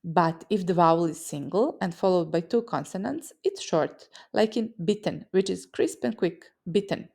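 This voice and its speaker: Gravelly-voiced woman teaching pronunciation. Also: on the low side, moderate pace, hardly any pauses. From Serbian-speaking region. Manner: lively, explains sounds with vivid mental images. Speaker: language teacher. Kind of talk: scripted lesson narration.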